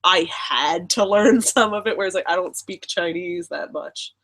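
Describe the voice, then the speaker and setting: A woman's voice: fairly low pitch, normal speed, a bit bright. A young woman with a Southern American accent in casual live chat, chatty and full of fillers. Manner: chatty, filler-heavy, laughs often. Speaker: vlogger.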